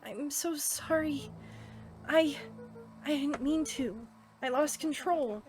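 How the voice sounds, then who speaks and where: A woman's voice: high-pitched, slow pace, a little mellow, soft background music. A woman voicing an earnest, caring young boy hero in a game she plays. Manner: earnest, anxious.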